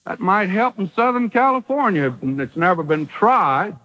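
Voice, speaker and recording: A man's voice: high voice, big pitch swings, normal speed, sharp tone, rough recording. A man preaching a dramatic sermon, acting out the quotes in the bible story.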